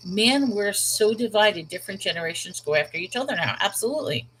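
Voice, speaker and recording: A woman's voice: medium pitch, expressive, fairly quick, fairly bright tone, slight background noise, low-quality recording. Rambling, laughing woman chatting. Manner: rambling, self-interrupting, often laughing. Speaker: channel host. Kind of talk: casual chat.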